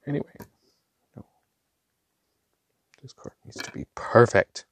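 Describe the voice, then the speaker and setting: A man chatting casually while swatching inks, gushing and excitable, with slangy talk and lots of fillers. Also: takes it slowly. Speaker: ink swatching vlogger.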